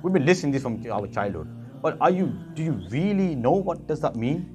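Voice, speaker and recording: A man's voice: a little high, lively intonation, a little fast, over music. A man preaching a sermon as an imam, impassioned and speaking straight to his listeners with rhetorical questions.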